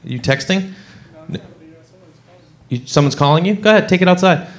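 Male stand-up comedian, high voice, swooping lively delivery, rambling and self-mocking, club stage. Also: normal speed. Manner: rambling, self-mocking, fillers like "you know". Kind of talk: stand-up storytelling.

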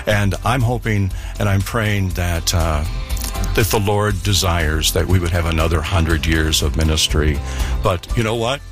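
A man speaking earnestly about a radio ministry in an interview, with frequent pauses and fillers. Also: low voice, over music. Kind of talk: reflective interview answers.

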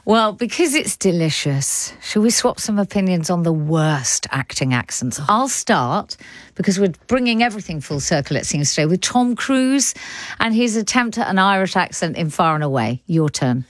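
A woman from India hosts a radio arts program, her low voice swinging widely in lively, conversational presenting. The studio sound is dry and close. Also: normal speed, no room sound. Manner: lively, bright presenting with chatty asides. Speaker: radio arts show host. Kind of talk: broadcast presenting. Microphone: dry studio mic.

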